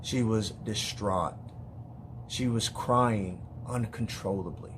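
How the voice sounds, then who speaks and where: A man speaking as a father in an emotional personal monologue, weary and heartfelt, halting with repeated words and restarts. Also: fairly low pitch, background noise. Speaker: father speaking to other parents.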